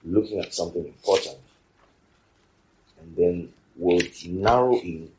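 A man's voice: low voice, a little slow, a little mellow, muffled recording, a little hiss or hum. A man preaching a sermon, repeating his phrases and putting rhetorical questions to the congregation.

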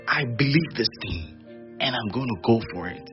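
A male pastor preaching a sermon, animated and teasing, with playful mock wailing. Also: mid-range voice, moderate pace, highs cut off, faint music behind.

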